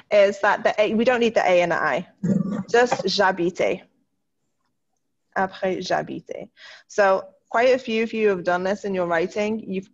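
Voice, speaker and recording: A woman's voice: medium pitch, lo-fi sound. Upbeat woman teaching French over a call. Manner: upbeat, encouraging, slows down to model French words. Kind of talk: online class, correcting student writing. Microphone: video call.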